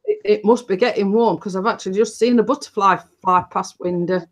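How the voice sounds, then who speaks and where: A woman's voice: medium pitch, a little fast. A woman chatting casually in a family vlog, reading viewer comments aloud.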